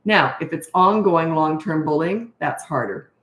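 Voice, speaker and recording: Middle-aged woman, parenting coach, casual Q&A, lowish voice, frank and rambling, echoey room. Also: expressive, a little slow, a bit bright. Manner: chatty and frank, trails off and restarts, rises high when exasperated. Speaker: parenting coach answering viewer questions. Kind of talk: casual Q&A advice talk.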